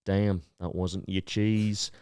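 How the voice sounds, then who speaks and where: A man voicing a male stage magician who speaks in a flat, solemn, low tone. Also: slow, smooth, no echo. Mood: deadpan. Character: deadpan male stage magician eating cheese.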